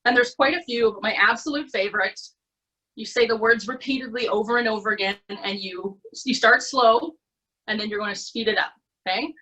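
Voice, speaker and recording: A woman's voice: a little high, fairly quick, pushed and bright, low-quality recording. A Canadian woman coaching presentation skills on a video call, talking in an encouraging, conversational way and often checking in with "okay?". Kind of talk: online workshop talk. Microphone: computer mic on a video call.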